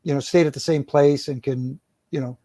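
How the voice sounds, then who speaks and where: A middle-aged former wrestling referee rambles through stories in an interview, often restarting sentences and chuckling along the way. His voice is on the high side, warm and steady, at a moderate pace. The recording has no room sound.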